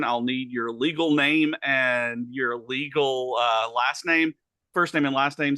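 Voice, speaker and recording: A man with a Southern US accent, co-hosting a podcast and talking in a halting way full of uhs. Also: medium pitch, sharp tone, dry recording. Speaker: podcast co-host. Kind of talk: casual chat.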